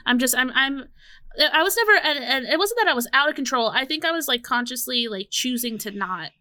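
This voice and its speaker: A woman's voice: sits high, animated, fairly quick, bright, forceful tone, dry recording. A woman in her late twenties co-hosting a podcast, chatting casually and rambling through restarts. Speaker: podcast co-host. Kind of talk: casual chat.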